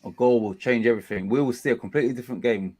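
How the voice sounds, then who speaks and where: A man, hosting a casual live watchalong of a football match. He complains about dull play and gets excited during attacks. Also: mid-range voice, very fast. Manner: chatty, groans at a dull game, excited bursts at attacks. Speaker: watchalong host.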